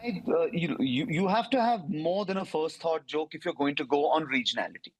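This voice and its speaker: A man's voice: fairly high pitch, animated, a little fast, husky, low-quality recording. A male comedian answering interview questions in an articulate, emphatic, conversational way. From India. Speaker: comedian guest.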